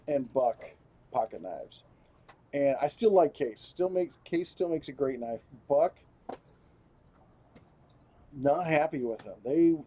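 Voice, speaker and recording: A man's voice: mid-range voice, dark tone, highs cut off. A man hosting a casual live stream, rambling as he reads viewer comments aloud and chats. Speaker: host.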